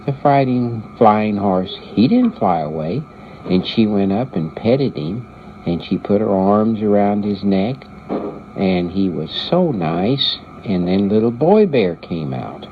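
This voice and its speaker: An older man telling a children's story aloud in an unhurried, halting way, repeating words as he goes. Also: fairly low pitch, expressive. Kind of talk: oral storytelling. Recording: muffled recording with faint hiss.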